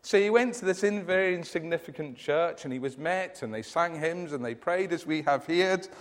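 A man's voice: on the high side, expressive, normal speed, long reverb tail. A man preaching a sermon, telling a dramatic story and reading testimony aloud.

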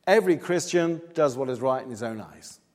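A man's voice: medium pitch, lively intonation, brisk. A man preaching a sermon in a church, earnest and emphatic, pressing hard on his key points. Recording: long reverb, hall-like.

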